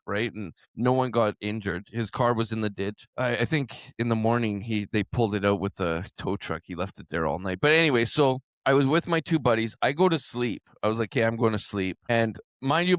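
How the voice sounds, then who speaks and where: A man in his thirties hosts a casual podcast and tells his stories with an animated, loose manner, full of "man" and "like". The sound is dry and close, with no room around it. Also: fairly low pitch, no echo. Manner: animated storyteller, says "man" and "like" often. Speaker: podcast host.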